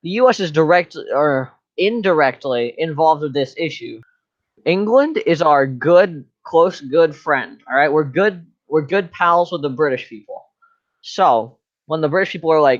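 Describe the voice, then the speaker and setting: A man's voice: on the high side, lively intonation, measured pace, dry recording, dull audio. A man giving a joking class presentation in a slangy, rambling, mock-serious way. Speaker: student presenter.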